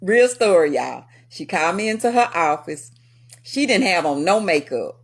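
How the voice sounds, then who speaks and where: A woman hosts a vlog, telling personal stories directly to her viewers in an animated, casual way and laughing often. Her voice is husky and fairly low, at a normal speed.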